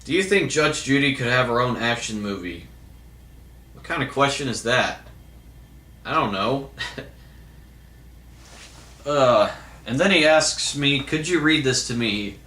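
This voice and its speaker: A man casually answering viewer questions, hesitant and full of fillers and restarts. His voice sounds bright and a little sharp, at a middle pitch. The recording rings noticeably in an echoey room. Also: lively intonation, a little slow, pauses often. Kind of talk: casual Q&A monologue.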